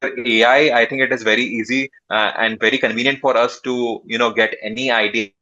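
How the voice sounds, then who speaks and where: A man answering interview questions as a startup founder, pausing often with drawn-out fillers. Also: medium pitch, steady tone, bright, forceful tone, muffled recording. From India.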